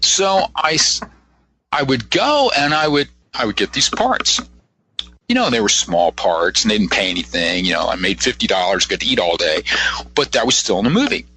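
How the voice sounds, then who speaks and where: A man's voice: fairly low pitch, sing-song, normal speed, sharp tone, husky, poor audio. A man in his fifties, a guest psychic, telling rambling anecdotes in a casual radio interview and acting out quotes as he goes. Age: 50s.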